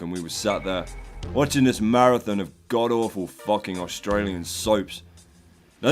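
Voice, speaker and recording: An English man hosting a gaming video, delivering a sardonic, profane and rambling comic rant. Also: fairly low pitch. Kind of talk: comic commentary over gameplay.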